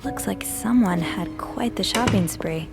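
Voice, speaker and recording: A woman's voice: medium pitch, a little slow, vocal fry. Whispered role-play, young lady investigator muttering to herself, wry, music playing behind. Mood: hushed. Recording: game audio with music behind.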